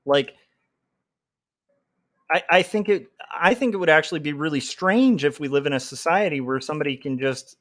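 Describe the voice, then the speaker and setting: A man's voice: a little high, very animated, normal speed, fairly bright tone. A man ranting on a casual livestream, heated and rambling, with many filler words. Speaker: comic artist livestreamer.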